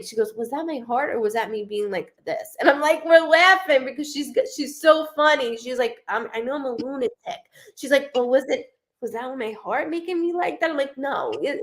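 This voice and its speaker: A middle-aged woman working as a medium on a live show. Her voice sits a little high for a woman, and she talks in a chatty, rambling way, breaking into quick asides and voicing the spirit's words in the first person. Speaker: psychic medium.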